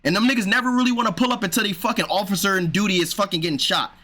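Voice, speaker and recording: A man's voice: sits high, rapid-fire, sharp tone. A man streaming, reacting to a video with exasperated casual commentary, swearing and saying "bro" a lot.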